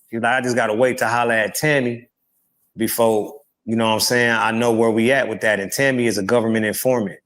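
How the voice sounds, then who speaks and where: Man, interview guest, casual storytelling, animated, acts out dialogue. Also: mid-range voice, fairly quick.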